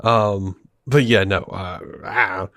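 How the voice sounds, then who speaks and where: A man's voice: lowish voice, steady tone, slow pace, sharp tone, dry recording, clean studio sound. A man co-hosting a podcast in casual chat, enthusiastic and rambling, laughing often. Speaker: podcast co-host.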